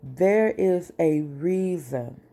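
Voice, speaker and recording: Woman vlogger, low mellow voice, talks real slow and emotional. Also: lively intonation, creaky, soft background music. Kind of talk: personal message to viewers.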